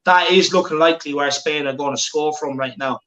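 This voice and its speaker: A man's voice: on the high side, fairly quick, a bit bright, reverberant, poor audio. Chatty man hosting a football watchalong. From Ireland. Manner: chatty, reads viewer comments, banter with co-host. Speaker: watchalong host. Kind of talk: live football watchalong chat.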